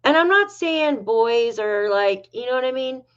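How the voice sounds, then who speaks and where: A middle-aged woman from New York hosts a loose, chatty livestream and reads viewer comments aloud. Her voice sits fairly high. The sound is dull and lo-fi. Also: animated, measured pace. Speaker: livestream host. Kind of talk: casual livestream chat.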